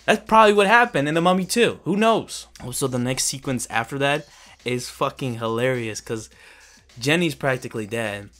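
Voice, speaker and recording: A man's voice: medium pitch, expressive, normal speed, fairly bright tone. A man giving a casual, profane and sarcastic review of a film he finds ridiculous, laughing as he rants. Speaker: movie reviewer. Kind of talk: casual ranting movie review.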